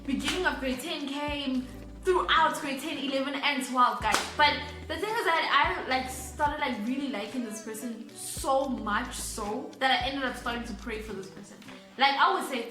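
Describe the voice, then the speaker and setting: A young South African woman telling a story on her vlog, animated and giggly, laughing often. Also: high voice, normal speed, roomy sound. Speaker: YouTuber.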